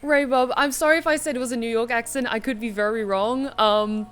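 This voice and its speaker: A woman's voice: fairly high pitch, fairly even intonation, brisk, a little hiss or hum. A woman streaming a video game, chatting casually, enthusiastic and profane. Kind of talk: casual live-stream commentary. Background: faint game music.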